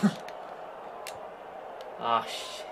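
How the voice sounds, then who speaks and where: A man's voice: drawn-out words, very noisy. A man trading laughing, swearing banter over a football video game while clothes pegs pinch his face. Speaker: gaming channel co-host. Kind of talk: casual gaming banter.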